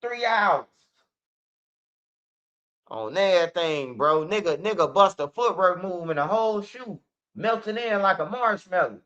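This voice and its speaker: A man's voice: sits high, expressive, measured pace, long pauses, sharp tone. A man telling a story casually, full of profanity and acted-out quotes, as a channel host. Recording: dull lo-fi recording.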